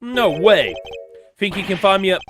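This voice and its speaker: A man pitching up into a bouncy, excitable young woman detective, firing off eager questions. The voice jumps noticeably high and lively, with video game music playing underneath. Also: normal speed.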